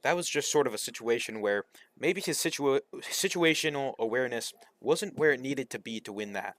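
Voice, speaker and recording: A man giving measured, speculative color commentary on a competitive video game match. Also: mid-range voice, lively intonation, a bit bright, dry recording. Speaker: esports caster. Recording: dry close mic.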